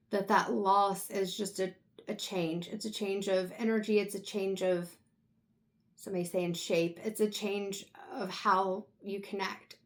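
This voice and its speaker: A woman giving an intuitive tarot reading, talking softly and reflectively with pauses, at times close to tears. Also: medium pitch. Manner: soft, reflective, halting with pauses. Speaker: tarot reader.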